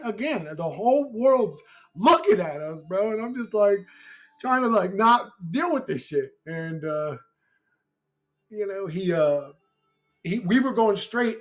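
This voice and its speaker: Brash youtuber dude rambling a story, cusses a lot, slightly high voice. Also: male voice, lively intonation, measured pace. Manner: brash, heavy swearing, rambling. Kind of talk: casual storytelling.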